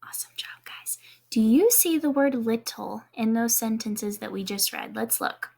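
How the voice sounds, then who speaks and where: Slow, bright-voiced kindergarten teacher woman. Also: on the high side. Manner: encouraging, slow and clear, spells out letters one by one. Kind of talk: video lesson for young children.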